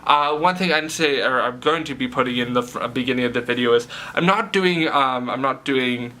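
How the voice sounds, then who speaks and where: With a sharp, medium-pitched voice and brisk delivery, a young man vlogging about reality TV goes on a rambling, casual rant about a show, his speech packed with "like," "um," and other fillers.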